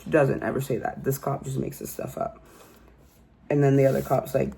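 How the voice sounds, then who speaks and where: A man's voice: mid-range voice, little pitch movement, moderate pace, gravelly, mellow, husky. A man casually recapping a true crime case in a rambling, incredulous way, full of fillers.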